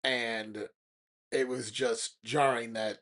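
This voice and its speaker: A man hosting a podcast, telling a personal ghost story in an animated, dramatic way. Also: medium pitch, takes it slowly. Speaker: podcast host. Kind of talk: casual storytelling.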